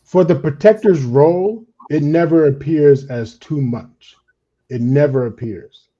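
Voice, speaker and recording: A man on a discussion panel, explaining his ideas in an animated way and acting out the inner voices he quotes. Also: a little high, unhurried, highs cut off. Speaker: panelist on a trauma and healing talk. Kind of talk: conversational explanation.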